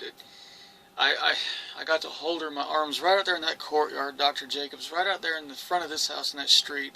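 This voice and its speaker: A man's voice: on the high side, creaky, sharp tone, a little hiss or hum, poor audio. A man telling his own story in an earnest, rambling monologue, restarting phrases and quoting others. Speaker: experiencer recounting his story. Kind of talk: personal monologue to camera.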